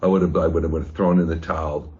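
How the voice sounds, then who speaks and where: A man's voice: a bass voice, flat delivery, quick pace, darkish tone, dull audio. A man giving a rambling, profane, rousing fundraising pep talk over a video call. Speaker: fundraising speaker.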